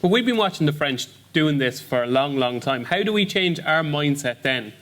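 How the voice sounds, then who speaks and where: A man moderating a seminar panel, asking brisk questions. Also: a little high, animated, a bit bright.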